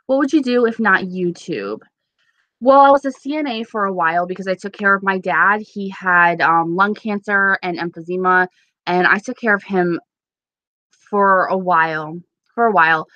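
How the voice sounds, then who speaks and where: A woman's voice: medium pitch, a bit bright, no echo. A young woman hosting a casual live stream with a sore, stuffy throat, chatting with viewers and answering them by name. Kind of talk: casual live-stream chat reading comments.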